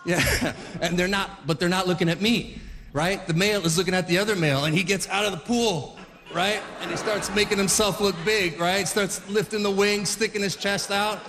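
A man in his forties tells rambling stand-up stories full of fillers and little acted-out voices. His voice sits high for a man, and the stage sound carries a long hall reverb. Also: fairly even intonation, moderate pace. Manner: rambling storytelling with fillers, acts out characters. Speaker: stand-up comedian. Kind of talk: stand-up comedy routine.

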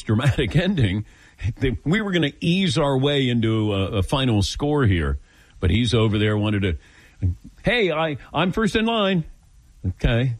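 An older man hosting a call-in radio show, telling stories in a lively, self-mocking way. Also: medium pitch, dry recording, low-quality recording. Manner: animated, self-mocking storyteller. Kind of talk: casual radio chat.

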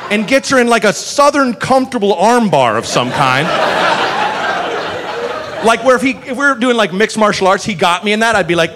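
A male stand-up comedian telling a story on a club stage, animated, with shouty punchlines. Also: sits high, moderate pace. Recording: live club recording with crowd noise. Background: laughing audience.

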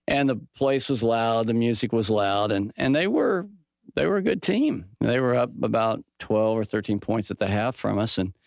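A middle-aged man talks through scripture in a folksy, conversational way, slipping into animated voices for quoted dialogue. His voice sits at an ordinary pitch and sounds dry and close. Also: normal speed, gravelly, no room sound. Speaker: Bible teacher. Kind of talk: conversational Bible teaching with stories.

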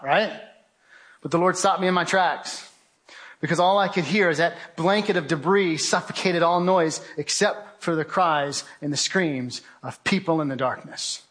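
A man's voice: high-pitched, a bit bright. A man giving a vivid, urgent testimony talk, telling a survival story with remarks of faith. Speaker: guest speaker.

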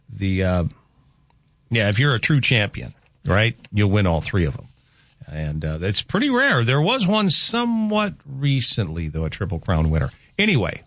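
A man's voice: no echo, clean studio sound. A man hosting a morning radio show, chatting casually and rambling with self-mocking asides. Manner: rambling, self-mocking, animated with pitch jumps. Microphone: studio microphone.

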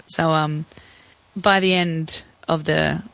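A young Australian woman recounting a personal story as an interview guest, reflective and halting with fillers. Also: deep voice, fairly even intonation, creaky, a bit bright, no echo, low-quality recording.

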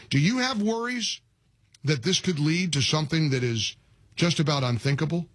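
A male talk radio host who takes calls and reads ads himself, animated, often repeating his words and laughing quickly. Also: a little high, no echo.

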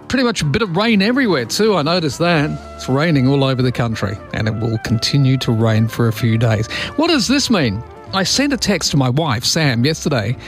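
A man hosting a morning radio show, chatting in a wry, rambling way with asides. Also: mid-range voice. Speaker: radio host. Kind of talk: casual morning radio chat.

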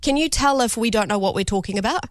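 A woman with a New Zealand accent hosting a breakfast radio show, chatty and quick to laugh, stumbling over tricky words. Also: fairly high pitch, animated, dry recording. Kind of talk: casual radio interview.

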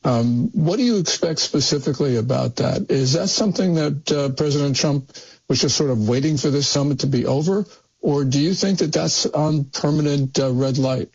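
A man co-hosting a talk radio discussion, asking measured, pointed questions. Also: fairly high pitch, creaky, darkish tone, husky. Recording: dull lo-fi broadcast audio.

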